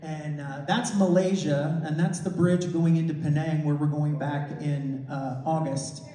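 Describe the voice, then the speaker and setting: A man preaches a testimony sermon, his somewhat high, mellow voice acting out conversations and often restarting his sentences. He sounds distant from the microphone, and a long, echoing hall reverb trails every phrase. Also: fairly even intonation, a little slow. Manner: storytelling, acts out dialogue, frequent restarts and self-corrections. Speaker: minister reporting on a mission trip. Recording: echoey hall, mic far off.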